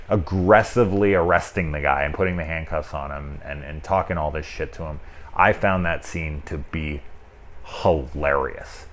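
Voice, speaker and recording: Low-voiced man rambling through a film review. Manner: rambling, full of filler words and swearing; amused, laughs at the film. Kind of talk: casual spoken movie review.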